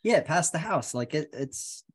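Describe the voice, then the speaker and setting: A man's voice: on the high side, lively intonation, moderate pace, husky. A man co-hosting a podcast in casual chat, making dry quips and rambling through explanations. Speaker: podcast co-host.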